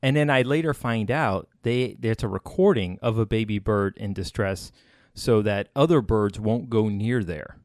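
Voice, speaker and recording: A man's voice: on the low side, normal speed, few pauses, a little mellow, no room sound, studio quality. A man in casual chat, playful and teasing, telling small anecdotes.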